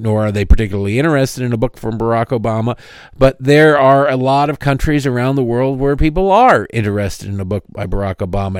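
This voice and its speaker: A man's voice: mid-range voice, a little mellow, clean tone, no room sound, studio quality. A middle-aged man hosting a political talk show, delivering an opinionated monologue with sarcastic asides and tangents. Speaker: radio talk show host.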